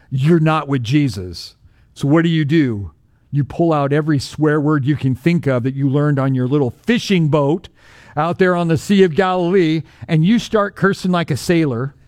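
A man preaching a sermon, retelling scripture with animated storytelling and rhetorical questions. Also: on the high side, dry recording, studio quality.

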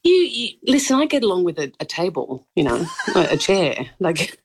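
A woman's voice: on the low side, sing-song, normal speed, breathy edge. Bubbly woman, mild Australian accent. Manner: bubbly, laughs often, gushing. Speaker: actress guest. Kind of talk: animated interview chat.

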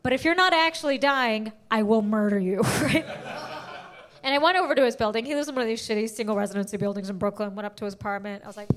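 A woman's voice: a little high, brisk, very noisy. A young adult woman performing a stand-up comedy routine, telling a story and acting out the quotes.

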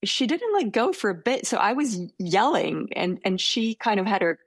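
A woman's voice: mid-range voice, big pitch swings, moderate pace, breathy edge, no room sound. A young woman telling a personal story in a casual interview, hesitant and self-deprecating.

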